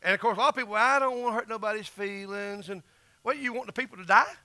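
A man's voice: sits high, fast, pushed and bright, no echo. A middle-aged man with a Southern US accent, preaching an emphatic, folksy sermon as pastor.

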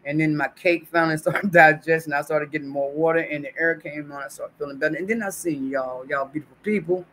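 A man talks casually on a live stream, his voice sitting a little higher than most men's. He chats warmly with his viewers and reads their comments aloud. Faint noise hums behind him. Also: fairly even intonation, brisk, few pauses. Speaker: YouTube livestream host. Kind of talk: casual livestream chat.

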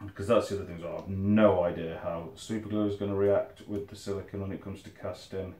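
Building tabletop terrain, a man talks casually to camera, rambling, mumbling, and correcting himself as he works. His voice sits low and mellow with a level tone, and he talks fast. A phone camera some distance away gives the recording a roomy, distant sound.

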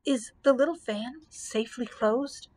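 A woman voicing a small, devoted male servant who cries out high and excited. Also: a little slow. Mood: content.

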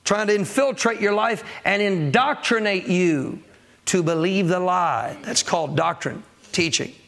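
A man's voice: high voice, a little slow, creaky, fairly bright tone. A man preaching a sermon as pastor of a church, calling out to the congregation for answers and acting out people's excuses. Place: church sanctuary.

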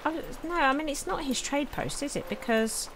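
A woman's voice: high voice, animated, moderate pace, fairly bright tone, a little hiss or hum. A woman hosting a let's play, chatting casually and thinking aloud as she plays, with frequent exclamations. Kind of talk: casual game commentary.

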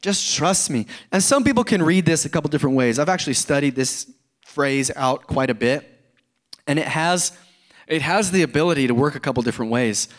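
Middle-aged male pastor, slightly high voice, earnest conversational sermon with repetitions. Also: animated, fairly quick. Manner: conversational preaching with repeated words and rising emphasis. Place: church.

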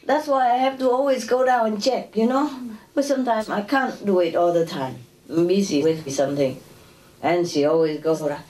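A woman's voice: on the low side, normal speed, warm tone. A woman giving an informal spiritual lecture to an audience, talking conversationally with chuckles and tag questions like "you know". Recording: echoey hall, distant mic, faint noise.

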